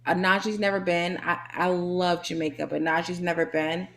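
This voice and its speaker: A woman's voice: on the low side, little pitch movement, normal speed, creaky. A woman co-hosting a livestream, reading viewer comments aloud in an upbeat, playful way. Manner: upbeat, reads comments aloud, laughs often. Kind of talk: casual livestream chat.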